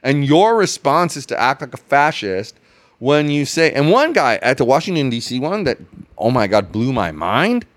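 A man rants on his podcast in a rambling, sarcastic way, his pitch swinging up and down with emphasis. He talks casually and restarts his sentences often. The recording is dry and close, with no room sound. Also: big pitch swings, moderate pace, no echo. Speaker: podcast host. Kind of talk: casual ranting chat.

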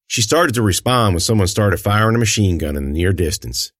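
A man narrating a first-person audiobook in an expressive, lively storytelling manner. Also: lowish voice, brisk, few pauses, no room sound, clean studio sound.

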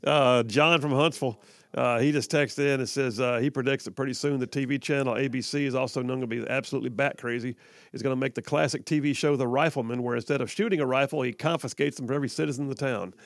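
A man's voice: medium pitch, steady tone, fast talker, dry recording. A man hosting live talk radio from a studio, chatty and joking, often repeating himself. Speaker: radio talk show host. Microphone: studio microphone.

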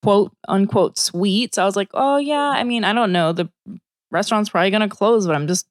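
A woman comedian chatting casually on a podcast, telling a story in a lively way with lots of "like" and acted-out quotes in changing voices. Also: medium pitch, brisk, no echo, clean studio sound. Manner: animated, heavy use of "like", acts out quotes in shifting voices.

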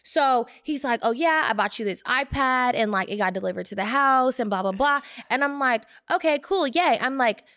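A woman's voice: moderate pace, few pauses, dry recording, studio quality. A young woman co-hosting a podcast, telling a personal story in casual chat and acting out the quotes. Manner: animated storyteller who acts out quotes in higher voices. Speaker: podcast co-host.

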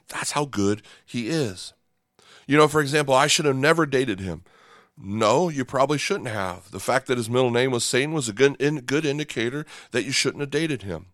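A man's voice: mid-range voice, no echo. Conversational male pastor, dry close sound. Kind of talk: sermon.

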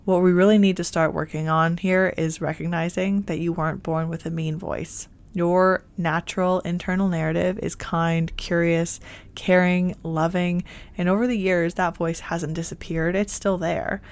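A woman hosting a self-help podcast, talking in a gentle, reassuring and encouraging way. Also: lowish voice. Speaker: podcast host.

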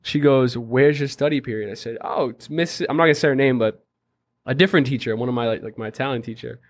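A man's voice: mid-range voice, fast. A young man co-hosting a podcast, telling school stories in casual, slangy chat. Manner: animated storyteller, slangy. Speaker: podcast co-host.

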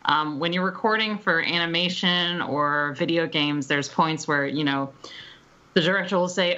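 A woman's voice: low-pitched, normal speed, bright, forceful tone. Bubbly laughing woman on dull audio. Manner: bubbly, laughs often, rambling anecdotes. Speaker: voice director and game developer. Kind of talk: casual podcast chat.

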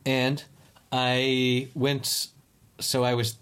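A man co-hosting a casual podcast, spinning a rambling travel story. He keeps restarting his sentences. His voice sits at a middling pitch. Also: monotone, extremely slow, fairly bright tone, clean tone. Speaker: podcast co-host. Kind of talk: casual chat. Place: lives in Spain.

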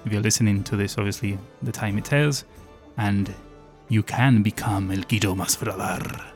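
A man's voice: lowish voice, fairly even intonation, normal speed, faint music behind. A man co-hosting a tabletop game podcast, chatting casually and laughing often. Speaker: podcast co-host and player. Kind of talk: casual chat.

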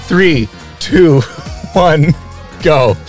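A young man co-hosting a casual improv comedy podcast, quick and sarcastic. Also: on the high side, expressive, faint music behind. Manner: quick, wry, sarcastic, bursts into laughter. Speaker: podcast co-host.

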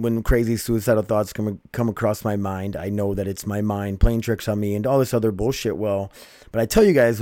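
A man's voice: fairly low pitch, darkish tone, no room sound, studio quality. A man hosting a casual late-night podcast monologue, rambling loosely and calling out to his listeners as he goes. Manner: rambling, loose, keeps saying "you guys" and "dude". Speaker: podcast host.

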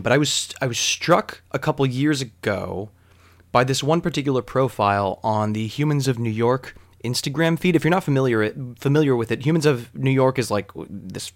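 A man telling a story casually, rambling and digressive, with lots of fillers. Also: mid-range voice.

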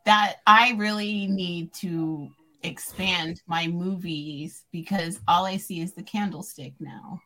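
Woman guest, low pitch, bright, dry humor. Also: fairly even intonation, slow pace, poor audio. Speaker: podcast guest. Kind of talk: casual podcast chat with friends.

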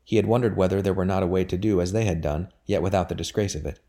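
Low, dark-voiced male narrator. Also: steady tone, fast. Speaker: audiobook reader. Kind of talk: audiobook narration of a historical novel.

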